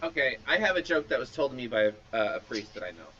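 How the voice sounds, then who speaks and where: A man's voice: mid-range voice, very animated, quick pace, bright, forceful tone. A man works his way through a long joke, tripping and restarting as he goes. His mic sounds muffled and lo-fi. A faint hiss sits under his voice. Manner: rambling joke-teller with restarts. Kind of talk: casual banter while gaming. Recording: dull lo-fi mic with faint noise.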